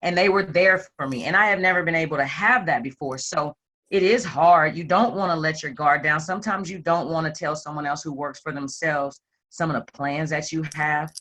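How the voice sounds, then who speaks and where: A self-employed woman telling a group her personal story with animated, playful delivery and acted-out quotes. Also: low voice, a little fast. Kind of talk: candid personal testimony to a group.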